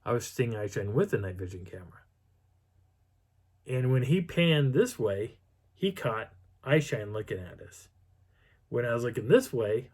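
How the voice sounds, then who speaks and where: A middle-aged man telling a story on his video channel in a casual, animated way, acting out what people said. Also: husky. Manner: animated, acts out quotes with pitch jumps and whispers. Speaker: vlogger.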